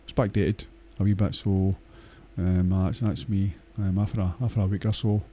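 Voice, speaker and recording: A Scottish man delivers a casual, rambling monologue, blunt and crude, swearing often and hesitating with many fillers. His deep voice is warm and flat, at a moderate pace, with slight background noise.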